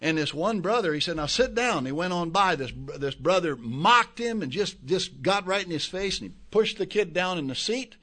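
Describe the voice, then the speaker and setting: An older male pastor delivering a sermon in a somewhat high voice. He drops to low, musing asides, then climbs into loud, fervent peaks, doubling his words as he presses a point home. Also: expressive, normal speed, hardly any pauses. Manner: repeats words when building a point.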